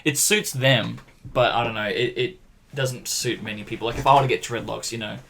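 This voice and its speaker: A man co-hosting a casual podcast, telling stories in an animated way and acting out the other voices. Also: medium pitch, fairly quick, gravelly, slight background noise. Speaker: podcast co-host. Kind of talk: casual chat, storytelling.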